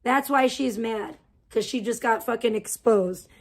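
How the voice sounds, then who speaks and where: A woman's voice: on the high side, measured pace. A woman hosting a livestream, ranting heatedly with constant swearing and insults. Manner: profane, heated, venting. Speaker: livestream host. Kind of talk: angry livestream rant.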